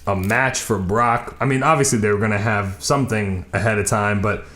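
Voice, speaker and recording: A man co-hosting a podcast in casual chat, animated, swearing freely and now and then breaking into silly voices. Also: lowish voice, fairly quick, echoey room. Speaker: podcast co-host.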